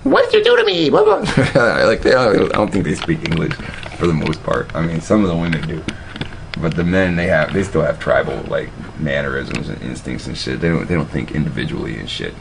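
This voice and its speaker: A man's voice: very deep voice, fairly quick, gravelly, background noise. A man telling profane, meandering stories in a casual monologue, often restarting his sentences. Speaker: video host. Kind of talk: casual rambling storytelling.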